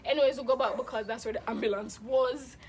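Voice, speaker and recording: A young woman telling a storytime in a casual, animated, dramatic way. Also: on the high side, fast talker, crowd noise. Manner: animated, dramatic, acts out quoted voices. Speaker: vlogger.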